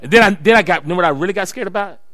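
A middle-aged man, a pastor preaching a sermon, telling stories and building to shouted exhortation. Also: sits high, very fast. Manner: storytelling, rising to shouted preaching.

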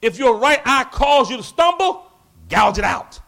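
High, bright-voiced preacher man. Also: a little slow, creaky. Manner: animated, acts out quoted voices, bursts into shouts. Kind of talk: sermon.

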